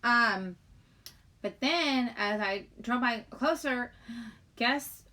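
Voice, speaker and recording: A woman's voice: fairly high pitch, drawn-out words, pushed and bright. Chatty, giggly woman livestreaming. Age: middle-aged. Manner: chatty, giggly, rambling, greets chat viewers. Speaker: livestream host. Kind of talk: casual livestream chat.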